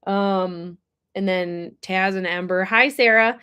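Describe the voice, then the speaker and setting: A woman's voice: mid-range voice, fairly even intonation, slow pace, bright, forceful tone, clean tone. Emotional woman chatting on a livestream. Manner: emotional, teary, reads viewer comments. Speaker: horse ranch livestreamer. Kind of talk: casual livestream chat. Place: indoors with air blowing.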